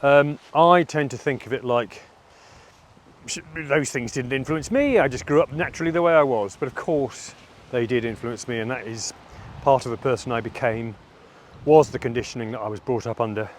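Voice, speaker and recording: A middle-aged man talks through a personal vlog monologue in a candid, self-reflective way. His delivery is halting, and his voice sits at an ordinary middle pitch. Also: slight background noise. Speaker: vlogger.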